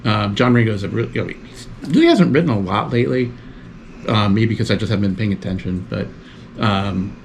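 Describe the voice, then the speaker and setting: A man's voice: fairly low pitch, lively intonation, brisk, creaky, slight background noise. A man, a guest in a casual chat, rambling loosely with lots of fillers.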